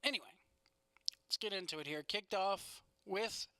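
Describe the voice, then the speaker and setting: A man's voice: high voice, normal speed, sharp tone, clear, resonant tone, no echo. A young man hosting a casual wrestling podcast, rambling through a recap with sarcastic asides and frequent laughs.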